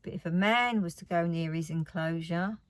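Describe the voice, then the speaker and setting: A woman's voice: on the low side, moderate pace, no echo. A woman chatting casually about her craft haul. She rambles and often drops to a near whisper. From United Kingdom. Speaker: craft vlogger.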